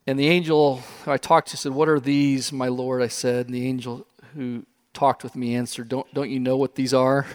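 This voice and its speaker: An older man preaching a sermon, telling stories with animated warmth and frequent chuckles. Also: medium pitch, normal speed, few pauses. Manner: animated storytelling, chuckles often. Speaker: pastor.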